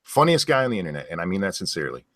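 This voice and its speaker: A man hosting a live podcast, talking in a halting, stammering way and laughing easily. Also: sits low, big pitch swings, a bit bright. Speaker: podcast host. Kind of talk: casual podcast banter.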